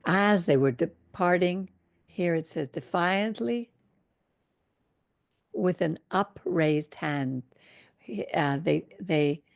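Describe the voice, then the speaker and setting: A woman with a lowish, gravelly voice reads scripture at an unhurried, deliberate pace. She stops often to reflect in a conversational way before returning to the text. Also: darkish tone. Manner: reflective, breaks off the reading for conversational asides. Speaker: Torah teacher. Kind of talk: scripture reading with commentary.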